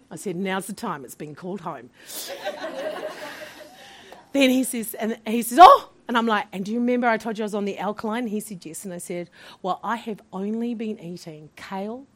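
A middle-aged woman tells her personal faith testimony as an interview guest, at an ordinary pitch for a woman. She performs every part of her story herself, swinging between loud, bright bursts and quiet asides. She laughs often as she goes. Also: fairly quick. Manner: animated, acts out each voice in her story with big swings in pitch and loudness; laughs often while telling.

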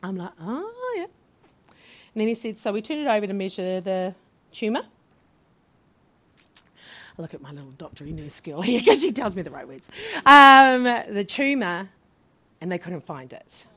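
A middle-aged woman tells her personal faith testimony as an interview guest, at an ordinary pitch for a woman. She performs every part of her story herself, swinging between loud, bright bursts and quiet asides. She laughs often as she goes. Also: moderate pace, pauses often. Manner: animated, acts out each voice in her story with big swings in pitch and loudness; laughs often while telling.

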